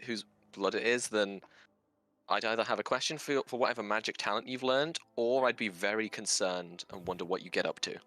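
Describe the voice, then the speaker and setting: A man voicing a wry, cautious adventurer woman in a tabletop game, talking with dry, measured reasoning in his own everyday voice. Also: lowish voice, a bit bright, close to an everyday voice. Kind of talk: in-character tabletop role-play.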